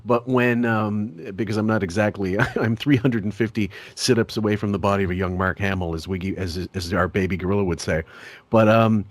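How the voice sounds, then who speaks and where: A man with a low voice riffs crudely and rambles through comic commentary, breaking into laughs as he goes. The sound is dry and close. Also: steady tone, a little fast, dry recording. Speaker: podcast host. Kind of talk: casual comedic commentary.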